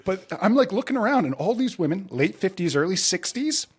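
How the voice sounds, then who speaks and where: A man guesting on a podcast, telling a self-mocking story in a casual, animated way. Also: high voice, a little fast, husky.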